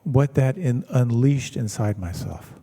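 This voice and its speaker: A man, a meditation teacher, giving a measured, reflective talk and telling stories to an audience in a large hall. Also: mid-range voice, lively intonation, warm tone, slightly rough. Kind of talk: dharma talk.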